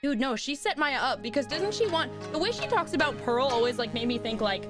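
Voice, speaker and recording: A young woman chats to her stream at a desk mic, giggly and casual, with a voice that rises and dips a lot. Her pitch sits on the higher side. Loud game music plays right under her voice. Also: very animated, brisk. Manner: giggly, chatty, swears casually. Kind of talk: casual live-stream chat while playing.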